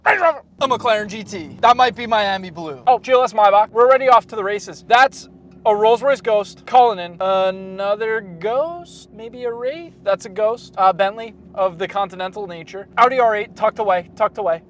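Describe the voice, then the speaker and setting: A young man with a high, light voice gives quick, playful commentary as he walks among exotic cars, joking and hyping each one. He's recorded on a handheld camera outdoors, with faint street noise behind him. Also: fairly bright tone. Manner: playful, rattles off car models, hypes and jokes. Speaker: car-spotting vlogger. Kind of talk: excited car-spotting commentary. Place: outdoors at a car meet and inside a dealership.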